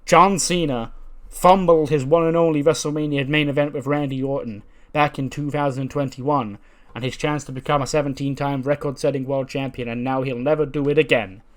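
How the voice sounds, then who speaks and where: A man playing a pestering man wrestler who keeps heckling and needling his target. The voice is at an ordinary middle pitch and pushes up loud and eager on the jabs. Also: fairly even intonation, fairly quick, close to an everyday voice. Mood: taunting. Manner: needling, taunting, repetitive.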